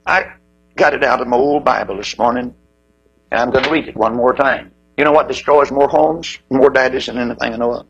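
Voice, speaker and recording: A man's voice: steady tone, brisk, vocal fry, breathy edge, highs cut off. A man preaching a sermon, telling stories dramatically and acting out the voices in them. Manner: dramatic storytelling with swooping pitch, acting out quoted voices.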